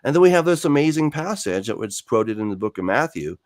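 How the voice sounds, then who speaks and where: A man's voice: mid-range voice, brisk, no room sound, clean studio sound. A man, a Bible teacher and author, explaining scripture in conversation. He tells the stories with animation, acts out dialogue, and often restarts with fillers. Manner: animated storyteller who acts out quoted dialogue.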